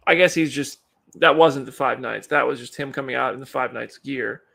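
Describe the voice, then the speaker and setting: A man's voice: medium pitch, normal speed, gravelly, sharp tone, slightly rough. A man hosting a casual live stream, chatting with viewers and reading news updates aloud.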